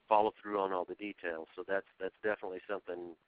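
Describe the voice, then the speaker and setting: A man interviewing for a job over the phone, earnest and halting, often restarting his sentences. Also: deep voice, flat delivery, clear, resonant tone, dry recording. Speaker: job candidate. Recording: tinny phone line.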